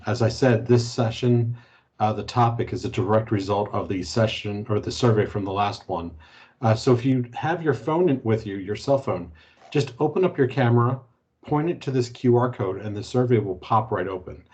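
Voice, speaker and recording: A man moderating a corporate training webinar over a video call, easygoing and halting, with many fillers. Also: mid-range voice, a little mellow. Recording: muffled video-call audio.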